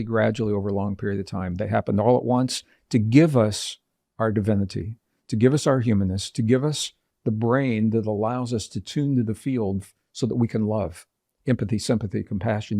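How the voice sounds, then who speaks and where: A man being interviewed as a guest author, telling personal stories and explaining ideas in a measured, earnest way. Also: fairly low pitch, vocal fry, warm tone, no room sound, studio quality. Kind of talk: reflective interview storytelling.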